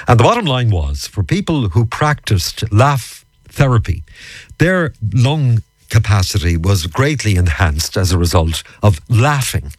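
Lively male radio host. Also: lowish voice, breathy edge, no room sound. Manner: lively, chatty and jokey. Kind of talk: morning radio chat. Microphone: studio microphone.

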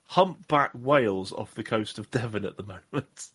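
A man's voice: fairly low pitch, normal speed, a bit bright, slightly rough. A man from southwest England co-hosting a podcast, rambling and joking at his own expense in casual chat. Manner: jokey, rambling, self-deprecating. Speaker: podcast co-host.

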